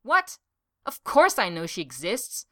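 An indignant, jealous young office man who snaps his complaints with a bright, forceful edge, as a woman reading a story puts him on. His lines come out raised and pushed, exasperated rather than calm. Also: mid-range voice, moderate pace, lightly acted. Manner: exasperated, snappish.

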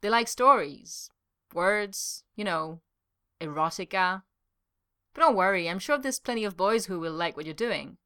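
A shy young office man who speaks gently and modestly, with a quiet, gleeful smugness under the kindness, as a woman reading a story puts him on. The tone stays bright and soft-spoken. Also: medium pitch, lively intonation, measured pace, clear, resonant tone. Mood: smug, mild.

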